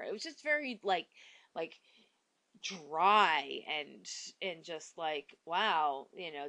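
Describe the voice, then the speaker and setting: Animated woman podcaster, lively pitch. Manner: rambling, many fillers and restarts; acts out quoted lines in exaggerated voices. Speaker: podcast host. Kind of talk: casual solo movie chat.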